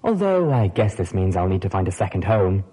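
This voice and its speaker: A man reading the part of an adult female pony radio host, gentle and playfully teasing, with a lively, husky tone. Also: deep voice, fairly quick, heavily acted, poor audio.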